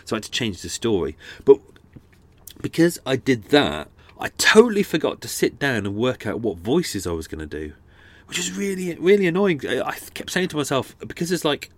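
A man's voice: medium pitch, huge pitch swings, normal speed. A man hosting a true crime podcast, rambling casually with many fillers and restarts. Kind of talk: casual chatty outro.

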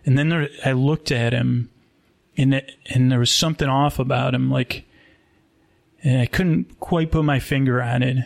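A man's voice: medium pitch, fairly even intonation, normal speed, creaky. Brief: male live storyteller, mid-range voice, loose and rambling with restarts. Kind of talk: improvised comic storytelling at a live show.

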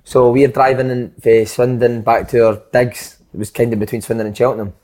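A man's voice: mid-range voice, little pitch movement, brisk, mellow. A man, a former footballer, co-hosting a podcast and telling sweary stories in casual banter. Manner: swearing storyteller, acts out quotes.

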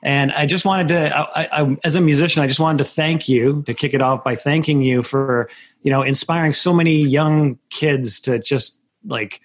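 A man's voice: a little high, moderate pace. A man co-hosting a casual interview, earnest and restarting his sentences.

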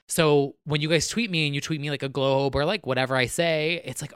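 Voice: mid-range voice, fairly even intonation, fairly quick, few pauses, clear, resonant tone, no room sound, clean studio sound. A podcast host talking casually and rambling to listeners, full of filler words and acted-out quotes. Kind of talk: solo casual rant to listeners.

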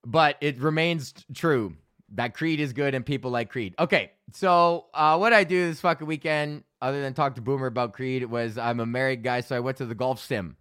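A man in his thirties hosting a podcast, ranting casually and profanely, telling animated stories with lots of laughs. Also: mid-range voice, normal speed, clean tone, dry recording, studio quality. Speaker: podcast host.

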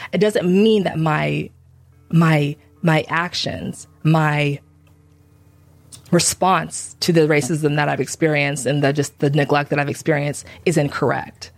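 This podcaster, who covers church abuse, speaks in a deep voice on a dry recording. Her monologue about a painful experience she lived through is intense, circling back on itself and voicing the words of others as she quotes them.

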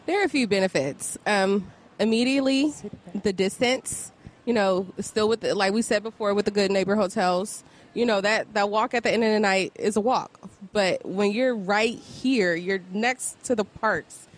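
A woman's voice: mid-range voice, moderate pace. A woman in her thirties or forties, a podcast guest, talking enthusiastically and laughing often in casual chat.

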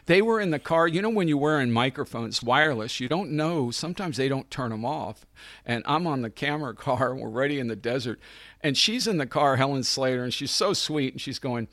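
A man's voice: fairly high pitch, moderate pace, no room sound, clean studio sound. A middle-aged man, a film writer and director, telling stories in a casual interview with lots of laughter and acted-out voices. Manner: animated, acts out quoted people, laughs often. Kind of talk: casual anecdotal storytelling.

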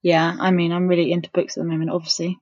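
A woman's voice: lowish voice, monotone, fast talker, a little mellow, no echo, highs cut off. A woman co-hosting a podcast while sick with the flu, sniffling and teasing. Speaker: podcast co-host. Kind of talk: casual chat.

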